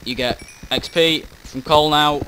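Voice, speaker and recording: A man's voice: fairly high pitch, steady tone, unhurried, sharp tone, slight background noise, rough recording. Rambling man commentating a game. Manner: meandering, self-interrupting, casual swearing. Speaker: gaming commentator.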